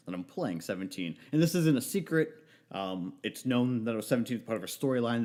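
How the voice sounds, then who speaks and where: A man's voice: on the low side, a little mellow. A man, a pro wrestler, telling a rambling anecdote on a casual livestream, with many fillers and restarts.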